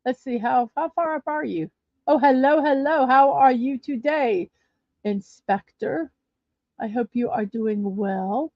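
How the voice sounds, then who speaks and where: A woman hosts a casual livestream, chatting and reading viewer comments aloud. Her voice is high and a little slow. The stream audio is dull, lo-fi and dry, with no echo.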